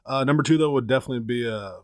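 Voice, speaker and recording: A man co-hosting a casual comics podcast, laid-back and quick to laugh. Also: medium pitch, dry recording, clean studio sound. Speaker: podcast co-host.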